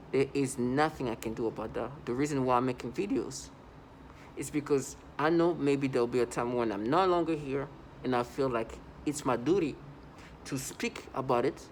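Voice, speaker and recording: A man's voice: medium pitch, a little hiss or hum, rough recording. A man recording a first-person video monologue, talking urgently and repeating himself, with lots of "like" between his points. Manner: urgent, repetitive, heavy use of "like". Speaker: vlogger.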